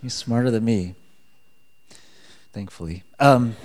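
A man preaching a sermon in a relaxed, conversational way, joking and chuckling as he talks. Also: mid-range voice, slow pace.

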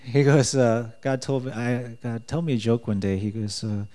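A man's voice: mid-range voice, fairly even intonation, normal speed, few pauses, mellow. Male preacher, mid-range voice, chatty sermon with light jokes. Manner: conversational, joking, with chuckles.

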